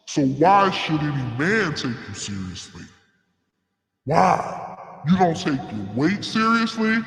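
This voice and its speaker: Slow-talking man with a scolding tone. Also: a little high, echoey room, in a large hall, rough recording.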